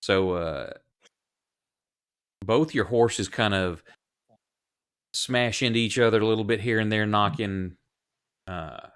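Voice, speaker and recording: A man narrating as game master in a tabletop game, relaxed and halting with fillers. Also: lowish voice, smooth.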